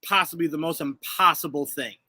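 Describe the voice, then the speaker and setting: A man in his thirties co-hosting a casual show review, talking in an animated way and acting out voices as he tells stories. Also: a little high, brisk, no echo. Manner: animated, acts out quoted voices. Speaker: podcast co-host.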